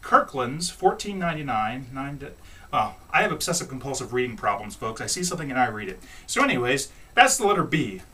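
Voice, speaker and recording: A man's voice: mid-range voice, very animated, a little fast, bright, forceful tone, distant mic. A man doing a rambling, jokey comic monologue, retelling bits with goofy voices. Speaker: comic host reading letters.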